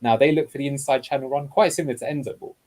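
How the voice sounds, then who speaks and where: With fairly even intonation, a man races along in a medium-pitched, slightly mellow voice on a low-quality recording. He is a guest football analyst giving a tactical video breakdown, explaining the match footage clip by clip.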